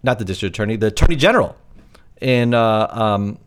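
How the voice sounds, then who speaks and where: A man's voice: fairly low pitch, expressive, fairly quick, smooth. A man co-hosting a podcast from his apartment, chatting casually and rambling with lots of filler words. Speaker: podcast co-host. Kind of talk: casual chat.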